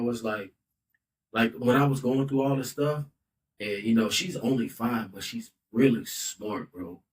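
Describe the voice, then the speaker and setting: A man's voice: mid-range voice, far from the mic, a little hiss or hum, poor audio. Male host in his thirties, loose and heartfelt, filler-heavy, slightly off-mic. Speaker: podcast host. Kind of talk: casual podcast talk. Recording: voice a bit off-mic.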